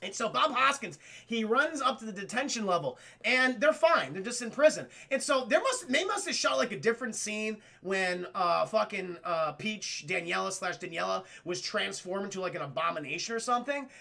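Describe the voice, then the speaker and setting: Amped up dude recapping a movie to chat, cussing nonstop, gravelly edge. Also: male voice, high-pitched, moderate pace, hardly any pauses. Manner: excitable, swears a lot, acts out scenes. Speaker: streamer film reviewer. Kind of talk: profane casual recap to stream chat.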